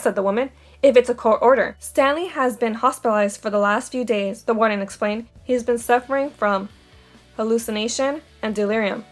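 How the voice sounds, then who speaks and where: A woman reading a novel aloud, giving the dialogue light character voices. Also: on the high side. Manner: steady storytelling with quoted dialogue. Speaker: audiobook reader.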